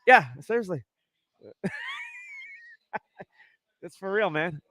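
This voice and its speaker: A man hosting a sports podcast in casual chat, excitable and rambling, checking in with "right?" often. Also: sits high, takes it slowly, slight background noise. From Arizona. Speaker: podcast host.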